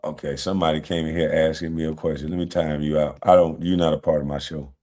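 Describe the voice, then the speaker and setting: A man's voice: a bass voice, little pitch movement, fast talker, warm tone. A man hosting a livestream, trading brash trash talk with the chat and breaking into laughter often. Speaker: livestream host. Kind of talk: casual livestream commentary.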